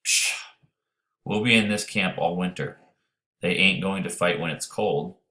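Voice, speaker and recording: A man's voice: low-pitched, measured pace, sharp tone. A man voicing a blunt soldier in winter camp who brushes off worries. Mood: dismissive. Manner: dismissive, blunt.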